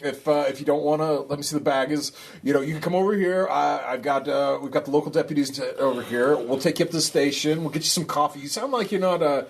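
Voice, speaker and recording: A man's voice: fairly high pitch, quick pace, vocal fry, husky. A man playing a tabletop game, talking in character as a rambling, folksy federal marshal. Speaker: player.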